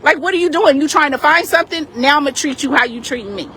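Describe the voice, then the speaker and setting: High-voiced woman, emphatic street complaint. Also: fast. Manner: emphatic, animated retelling. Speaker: community activist. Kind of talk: heated street complaint to police. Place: outdoors on a city street by a parked car.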